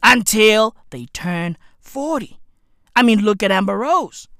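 Slow, high-voiced man ranting profanely. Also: animated, gravelly, no echo, studio quality. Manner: profane, slangy, theatrical; repeats lines for emphasis, bursts into shouts. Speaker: commentator. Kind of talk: comedic celebrity gossip rant.

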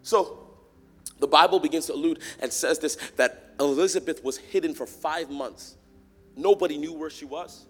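A man preaching a sermon to a church congregation, swinging from quiet, close talk to loud, shouted call-and-response. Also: on the high side, normal speed, breathy edge, faint music behind. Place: large church hall. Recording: long hall reverb.

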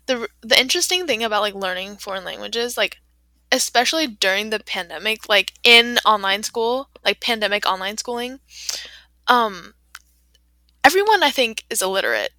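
A teenage girl co-hosts a podcast, chatting casually, saying "like" constantly and laughing often. Her voice is a little high, pushed and bright, with lively intonation at a normal speed, and there's no echo.

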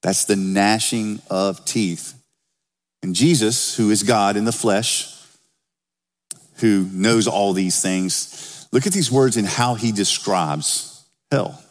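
A man's voice: fairly low pitch, slow, in a large hall. A man preaching a sermon as pastor, talking to the congregation in a conversational way and lifting his voice when he reads scripture. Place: church sanctuary.

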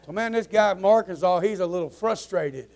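A man's voice: high-pitched, fairly quick, darkish tone. A man preaching to his church, telling folksy jokes in a rambling way with many restarts. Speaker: pastor. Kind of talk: joke-telling before a sermon. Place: church sanctuary.

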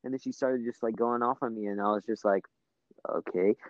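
A man's voice: medium pitch, steady tone, fast, dry recording, highs cut off. A young man telling a long story in casual chat, rambling with lots of fillers and swearing.

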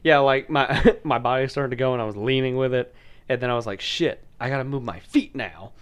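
A man's voice: medium pitch, brisk, smooth. A young man telling rambling, profane stories in casual chat, laughing often. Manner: rambling storyteller, laughs a lot, swears freely.

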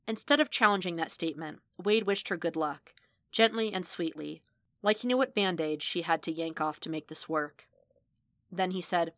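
A woman reading fan fiction aloud as audiobook narration, steady and measured. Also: lowish voice, no echo. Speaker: podfic reader.

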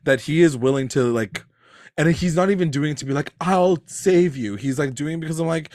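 A man's voice: a little high, fairly quick, a little mellow, dry recording, clean studio sound. A man co-hosting a casual TV recap podcast, acting out characters' lines with laughter. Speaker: podcast co-host.

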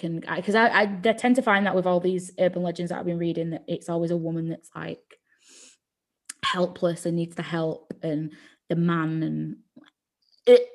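Woman podcast host, lowish voice, rambly, says like a lot, swears. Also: fairly even intonation, moderate pace, darkish tone. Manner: rambling, swears freely, lots of "like". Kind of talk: casual storytelling chat.

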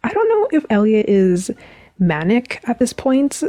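A young woman hosts a review podcast and recaps a TV episode in a chatty, emotional way, often restarting and correcting herself. Her voice is a little high, very animated and warm, at a measured pace, in a dry recording.

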